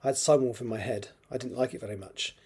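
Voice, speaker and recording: A man voicing a young girl in a storybook reading, speaking softly and hesitantly. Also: mid-range voice, quick pace, slightly rough, natural voice. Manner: soft and hesitant.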